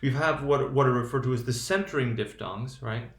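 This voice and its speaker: A man teaching a phonetics lesson on video, often pausing to ask "right?" as he explains. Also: medium pitch, a bit bright. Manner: halting, checks in with "right?". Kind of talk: recorded lecture. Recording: roomy echo.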